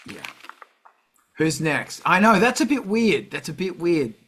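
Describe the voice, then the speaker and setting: Middle-aged male host, unhurried sweary rant, slightly high, bright tone. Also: sing-song, slightly rough. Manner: profane, ranting, heavy swearing. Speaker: host of a music livestream. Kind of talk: casual livestream chat.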